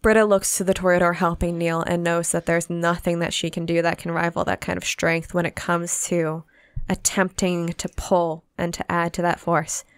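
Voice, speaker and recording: A woman with a lower voice narrates her character's moves in a tabletop game, measured and clear. She tells it in third person, recorded close and dry. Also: little pitch movement, no echo. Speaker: player.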